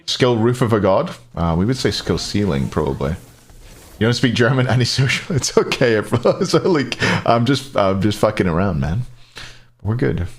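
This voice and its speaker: A man's voice: lowish voice, big pitch swings, normal speed, soft background music. A Scottish man casting a live esports match, joking and chatting with viewers between plays. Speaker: esports caster.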